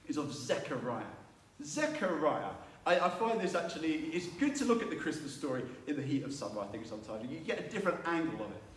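Male preacher, slightly high voice, animated sermon delivery, roomy distant sound. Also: quick pace, a little hiss or hum. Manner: animated storytelling, acting out biblical voices. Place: church. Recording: echoey room, mic at a distance.

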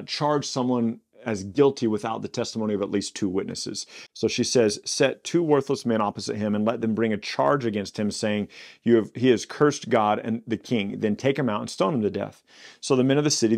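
Low-voiced man teaching the Bible. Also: creaky. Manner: casual, animated asides with restarts. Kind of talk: podcast Bible study, reading scripture with commentary.

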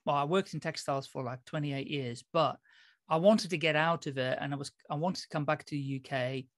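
A middle-aged Dutch podcast host tells stories in a chatty casual interview, laughing often. His voice sits on the high side and moves a little fast, recorded in studio quality with no echo.

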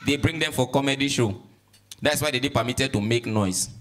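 A man with a Nigerian accent doing loud, animated stand-up comedy and switching into acted voices as he tells stories. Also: mid-range voice, a little fast. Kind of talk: stand-up comedy in Pidgin English.

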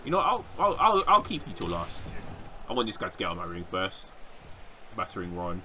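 Young man, gameplay commentary, yelling at opponents, sharp tense voice, faint hiss behind. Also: sits low, animated, a little fast. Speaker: gaming YouTuber.

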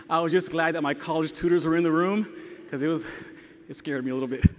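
Brisk and a little high-pitched, a young teacher from El Paso recounts personal stories in an earnest keynote, mixing emotion with self-deprecating jokes. Recorded in a large hall with an audience, the sound has a long reverb.

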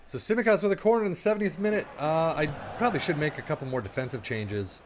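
A man casually commenting on his own football management game as he plays, thinking aloud and breaking into quick play-by-play. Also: on the high side, expressive, background noise. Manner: chatty, rambling, thinks aloud, bursts into play-by-play. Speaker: gaming YouTuber.

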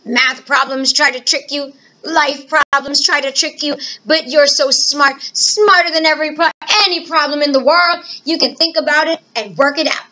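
Playful high-voiced woman teaching math. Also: normal speed, muffled recording. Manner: animated and playful, talks to children, asks and answers her own questions. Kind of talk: recorded classroom math lesson.

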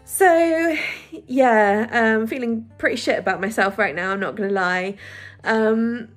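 A woman's voice: a little high, unhurried, faint music behind. A woman vlogging casually to camera, rambling with many fillers and nervous laughs, close to tears at times.

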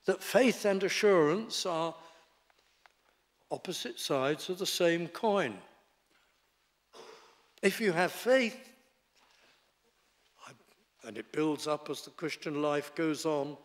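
A man, preaching a sermon as pastor in a deliberate, emphatic way. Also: high-pitched. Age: 70s. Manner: deliberate, emphatic preaching with short declarative lines. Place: church sanctuary. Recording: long reverb in a large hall.

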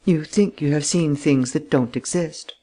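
A man's voice: fairly high pitch, unhurried, mellow. A man doing a nervous, evasive aristocrat. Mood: defensive. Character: anxious aristocratic official, evasive and frightened.

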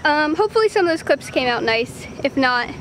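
A woman's voice: high-pitched, animated, fairly quick, a bit bright, slight background noise. A young woman vlogging outdoors in the woods, out of breath and chatting in a rambling way about her dance shoot. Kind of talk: casual vlog chat.

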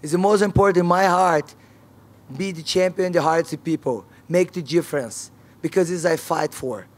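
A woman's voice: fairly low pitch, moderate pace. A woman fighter at a press conference, speaking frank, non-native English with broken grammar and repeated key words.

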